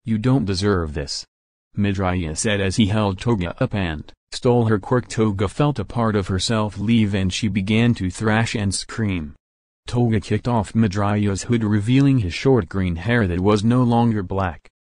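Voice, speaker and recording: A man narrating a fan fiction story in a steady storytelling manner. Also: on the low side, normal speed, dry recording.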